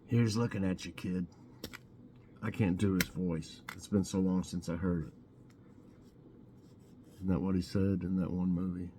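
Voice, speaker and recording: A man with a mellow, relaxed voice hosts a laid-back trivia segment. He mulls over each question aloud, drawing out the choices before reading the answer. His tone is chatty and unhurried. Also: low-pitched, a little hiss or hum. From Tennessee. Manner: chatty and musing, drawls out answer options. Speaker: vlogger hosting trivia.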